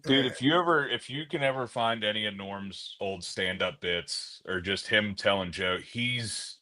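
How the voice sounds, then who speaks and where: Podcast co-host, male, low and bright, lively storyteller. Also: a little slow. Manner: animated storytelling, swears casually. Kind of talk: casual chat.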